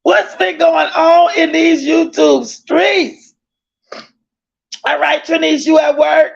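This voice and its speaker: A woman hosting a casual livestream, effusively greeting viewers by name and often calling out loudly, with the odd cough. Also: sits high, fairly even intonation, slow, vocal fry. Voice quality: coughs between lines. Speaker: livestream host. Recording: dull lo-fi stream audio.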